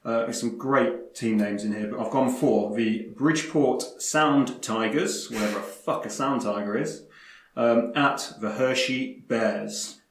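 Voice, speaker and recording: A man's voice: mid-range voice, a little slow. A man hosting his podcast segment in casual chat, steering the others with dry asides. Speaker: podcast host this week. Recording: echoey room, faint noise.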